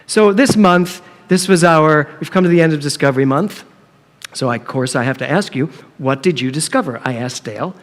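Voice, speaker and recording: A middle-aged man preaching a sermon, telling a humorous story and acting out the dialogue in a playful, animated way. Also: on the high side, brisk. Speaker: minister. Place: church sanctuary. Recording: long reverb of a hall.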